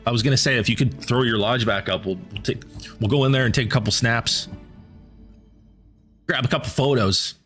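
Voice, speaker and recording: A man streaming a game and chatting casually with viewers, rambling and repeating words as he thinks aloud, his voice going hoarse. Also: medium pitch, a little fast, long pauses, a bit bright, soft background music. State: losing his voice.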